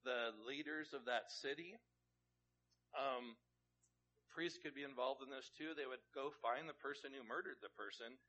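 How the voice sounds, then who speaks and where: A man's voice: medium pitch, moderate pace, bright, forceful tone, poor audio. A man preaching a sermon in a plain, conversational way, asking his listeners questions. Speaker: pastor.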